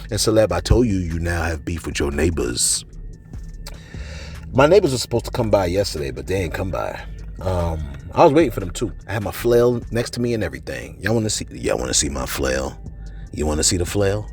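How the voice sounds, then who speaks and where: A man's voice: low voice, big pitch swings, brisk, a little mellow, faint music behind. A man hosting a casual commentary show, reading out viewer comments and answering them in a slangy way, often adding "man" and "you know what I'm saying". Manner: slangy, playful asides.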